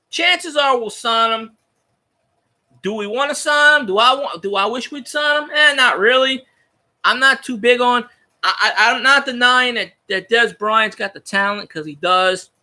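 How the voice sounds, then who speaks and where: A man talks through a casual sports podcast, rambling and cursing like an excited fan. His voice sits high and swoops widely, with a very bright, sharp edge. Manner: rambling, profane, animated fan talk. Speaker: podcast host.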